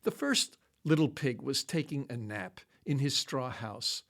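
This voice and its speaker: Slow, lively children's storyteller. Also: mid-range voice. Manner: expressive, acts out the action words.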